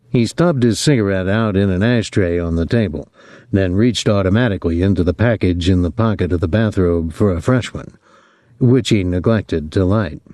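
A man narrating a novel in a calm, measured voice. His voice sits low and mellow. The dry, close recording has no room sound. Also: no echo. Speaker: audiobook narrator. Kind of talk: scripted narration.

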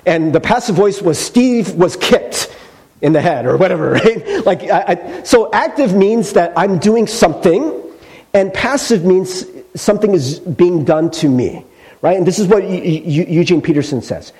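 A man's voice: sits high, animated, normal speed, a little mellow. A male pastor preaching a sermon in a conversational storytelling way, with casual fillers.

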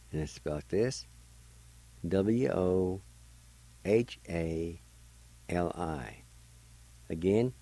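Older male radio host, very low mellow voice, slow careful pace, spells and repeats words for learners. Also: no room sound, poor audio. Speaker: radio host teaching language. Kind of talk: slow, deliberate language lesson.

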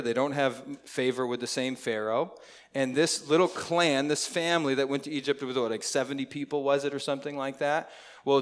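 A pastor with a mid-range voice delivers a sermon conversationally, frequently putting questions to the congregation.

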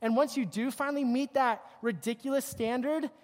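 Animated youth preacher in a big hall. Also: sits high, moderate pace. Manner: animated, joking, mocks teen habits. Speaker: youth pastor. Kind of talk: youth sermon with slides. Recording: long hall reverb.

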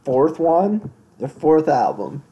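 A man's voice: on the high side, sing-song, takes it slowly, dull audio. A man co-hosting a casual music podcast, rambling through his thoughts and filling them with "like". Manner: rambling, heavy use of "like". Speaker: podcast co-host. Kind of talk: casual chat about music.

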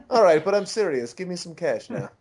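A man's voice: high-pitched, big pitch swings, a little fast, darkish tone, slightly rough, voice pushed up, exaggerated voice. A man doing a swaggering Australian crook. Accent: imitated Australian. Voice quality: swaggering, laughs as he plays it. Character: swaggering male Australian criminal impression, bragging.

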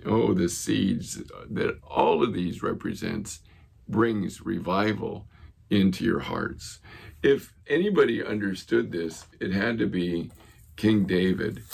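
A man's voice: lowish voice, vocal fry, husky. A man preaching a sermon as a pastor, telling a story earnestly and retelling conversations.

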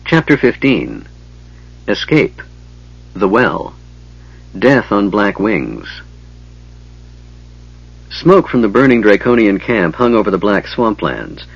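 A man narrating an audiobook in a steady, even reading. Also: fairly low pitch, moderate pace, vocal fry, breathy edge. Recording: dull lo-fi, dry.

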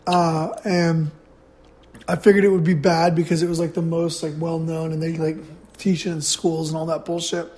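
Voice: medium pitch, flat delivery, moderate pace, a little mellow. A podcast host rambling through a blunt, profane solo movie review while eating.

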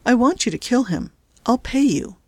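A woman voicing a calm, cunning woman who speaks slowly and sounds amused. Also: on the high side, no echo, pitched above the performer's own voice. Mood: cool.

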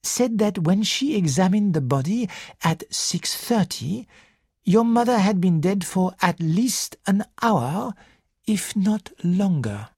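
Brief: narrator playing a soft-spoken, unhurried older detective, slow and dry. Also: medium pitch, expressive, breathy edge, no room sound, voice pushed up, exaggerated voice. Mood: quiet, probing. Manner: quiet, measured. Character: calm, gentle older male detective. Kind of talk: audiobook character reading.

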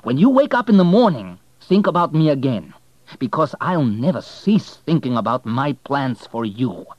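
A man's voice: medium pitch, very animated, a little fast, dry recording, highs cut off, voice pushed up, close to an everyday voice. A man reading an audiobook, voicing a proud, angry male hotelier with a heated, raised delivery. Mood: threatening.

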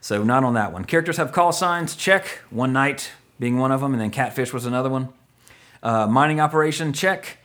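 A man's voice: medium pitch, brisk, fairly bright tone. A man hosting a podcast in casual chat, rambling and joking, often correcting himself mid-sentence. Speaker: podcast host.

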